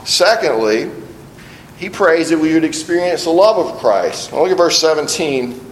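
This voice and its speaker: Earnest pastor preaching in an echoey hall. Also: male voice, on the high side, expressive, normal speed, slight background noise. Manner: earnest, often restarting and repeating words. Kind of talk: sermon.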